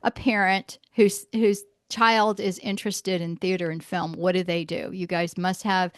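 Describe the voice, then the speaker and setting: A woman hosting a podcast interview, telling lively stories and acting out quotes with frequent laughter. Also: lowish voice, unhurried, no echo. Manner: animated storyteller, acts out quotes, laughs often. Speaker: podcast host. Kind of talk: casual interview chat. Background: homeschool mom.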